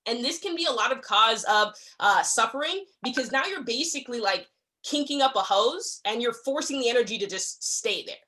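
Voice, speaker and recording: A woman's voice: on the high side, expressive, fairly quick, bright, forceful tone. A young adult woman leading a staff training talk, speaking conversationally with frequent check-ins and acting out little exchanges. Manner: acts out quoted exchanges. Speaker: workplace trainer.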